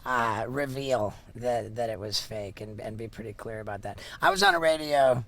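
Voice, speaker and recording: A male podcast host with a bright, forceful voice. He asks eager, admiring questions in a loose interview chat. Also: medium pitch, moderate pace.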